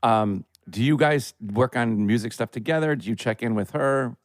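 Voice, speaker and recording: A man hosting a podcast in casual chat, effusive and quick to laugh and gush. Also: medium pitch, no room sound, clean studio sound. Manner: effusive, laughing, gushing with praise. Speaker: podcast host.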